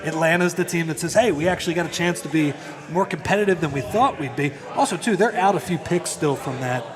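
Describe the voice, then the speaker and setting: Chatty, higher-voiced man talking basketball. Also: fast, a crowd in the background. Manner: chatty, hedging with "I mean". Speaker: sports podcast co-host. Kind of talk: casual live draft-night panel chat.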